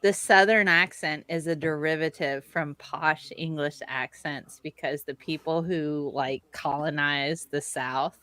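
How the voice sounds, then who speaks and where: A woman chatting on a livestream with giggly, loud, joking banter. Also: deep voice, steady tone, measured pace, few pauses, no room sound. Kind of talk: casual group chat on a livestream.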